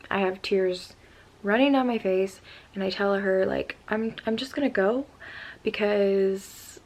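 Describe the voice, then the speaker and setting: A young woman in her twenties telling a storytime vlog in a rambling, casual way, upset after crying. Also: mid-range voice. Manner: rambling with many "like" fillers. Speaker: vlogger.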